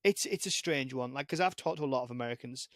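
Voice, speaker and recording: A man's voice: mid-range voice, fast talker, a bit bright, dry recording, clean studio sound. A man with a strong British accent, chatting playfully as a podcast guest over a video call. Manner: teasing, chatty, with stumbling restarts. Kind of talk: casual chat.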